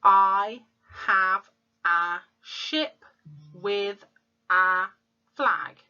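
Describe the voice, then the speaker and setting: Woman, teacher, phonics lesson, unhurried, bright tone, dull lo-fi sound. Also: mid-range voice, soft background music. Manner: slow, clear sounding-out of letters. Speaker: primary school teacher. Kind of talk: phonics lesson for young children.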